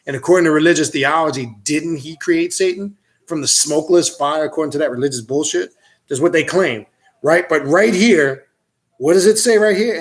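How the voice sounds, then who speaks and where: Profane, mocking man with a high voice. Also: lively intonation, brisk. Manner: profane, mocking, reads aloud then rants. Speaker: occult teacher. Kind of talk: casual scripture commentary.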